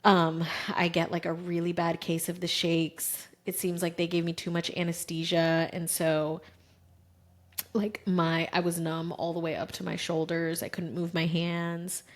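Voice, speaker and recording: In a fairly low voice at a measured pace, this woman in her thirties, a podcast co-host, shares a personal story in casual conversation. She tells it vividly, playing out people's quoted lines.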